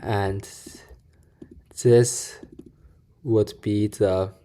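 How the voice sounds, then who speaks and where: A man's voice: on the low side, moderate pace. Guy reacting to vids, talks through math step by step, mutters to himself a lot. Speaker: video reactor. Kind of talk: casual reaction commentary.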